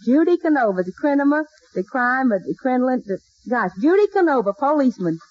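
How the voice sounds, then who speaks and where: A woman's voice: sits high, sing-song, a little fast, very noisy. A woman playing a scatterbrained, wisecracking country gal in a 1940s radio sitcom, folksy and punning, on a dull old broadcast recording. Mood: zany. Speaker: comedy star of a radio sitcom.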